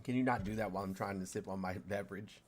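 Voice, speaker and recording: A man's voice: fairly low pitch, steady tone, very fast, a little hiss or hum. A man chatting casually on a live stream, laid-back and swearing freely.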